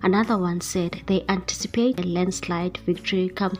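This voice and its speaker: Newsreader, woman, lowish register, steady scripted delivery, faint music underneath. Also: normal speed. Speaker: news presenter. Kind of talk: scripted news reading.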